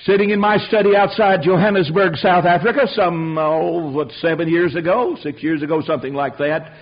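A man preaching a sermon, telling stories with lively rhetorical asides. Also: a little high, normal speed. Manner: animated storytelling with rhetorical asides. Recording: dull lo-fi recording.

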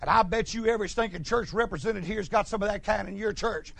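High gravelly preacher. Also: male voice, fast, fairly bright tone, no echo. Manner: folksy, storytelling, calls for responses. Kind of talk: sermon.

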